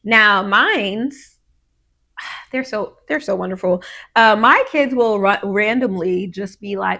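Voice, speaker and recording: A woman's voice: a little high, lively intonation, measured pace, pushed and bright. A woman in her thirties hosting a podcast, talking in a casual, heartfelt monologue with lots of fillers, now and then acting out what her kids say. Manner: conversational, frequent fillers, acts out quotes of her kids. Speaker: podcast host.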